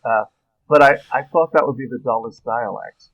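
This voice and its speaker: A man, a guest actor on a podcast, telling animated behind-the-scenes stories in casual chat and laughing often as he talks. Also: mid-range voice, moderate pace, creaky, muffled recording. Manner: chuckling, animated anecdotes.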